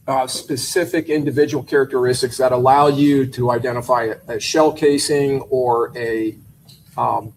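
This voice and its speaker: A man's voice: mid-range voice, a little hiss or hum, poor audio. Methodical male attorney questioning a witness. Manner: measured, methodical questions with occasional hesitations. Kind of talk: courtroom questioning. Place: courtroom.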